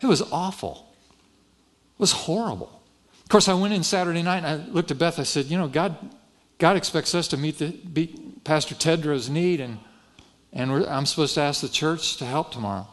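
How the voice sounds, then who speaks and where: A man preaching with a fairly high voice. He tells a personal story from the pulpit in a folksy, self-deprecating way, acting out what each person said. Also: normal speed. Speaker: pastor. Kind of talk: sermon storytelling.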